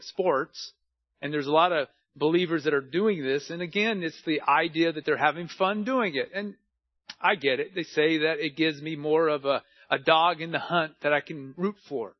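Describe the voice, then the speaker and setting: A man's voice: a little high, moderate pace, no echo, dull audio. A middle-aged male pastor preaching a sermon in a conversational way, with personal stories and self-deprecating humor.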